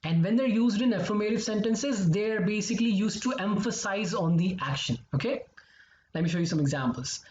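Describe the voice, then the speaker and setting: A man's voice: sits high, animated, fairly quick, a little mellow. A male English teacher explaining grammar step by step. He repeats his examples and keeps checking in with "okay?" and "right?". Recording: echoey, slightly dull recording.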